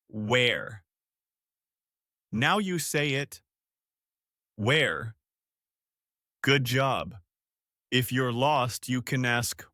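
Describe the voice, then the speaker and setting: Slow, lively-voiced male English teacher. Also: mid-range voice, no echo, studio quality. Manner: slow, clear, encouraging repeat-after-me teaching. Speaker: English teacher and podcast host. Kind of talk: scripted language lesson.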